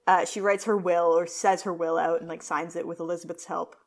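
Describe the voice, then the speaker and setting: A woman co-hosting a podcast, chatting casually and recapping episodes, slipping into quick voices for the characters. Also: lowish voice, little pitch movement. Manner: chatty, playful, acts out scenes in quick put-on voices. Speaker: podcast co-host. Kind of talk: casual chat, recapping a show.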